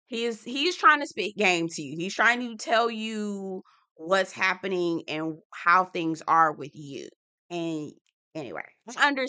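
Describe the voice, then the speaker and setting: Woman, slangy and opinionated, bright tone, lowish pitch, casual TV recap. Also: normal speed. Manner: chatty and opinionated, slangy, acts out quotes. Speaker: TV recap host. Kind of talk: casual reality-TV recap commentary.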